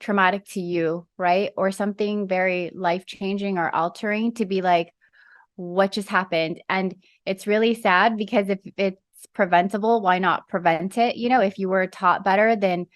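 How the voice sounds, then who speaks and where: A woman's voice: mid-range voice, fairly even intonation, moderate pace, dry recording, clean studio sound. A young woman co-hosting a casual talk. She speaks in a reflective way and often says "I feel like" and "you know". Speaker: podcast co-host.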